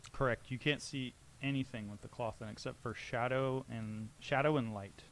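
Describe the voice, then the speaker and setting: A man narrating a tabletop game as game master, describing scenes in a halting way with restarts. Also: medium pitch, fairly even intonation, a bit bright, slight background noise.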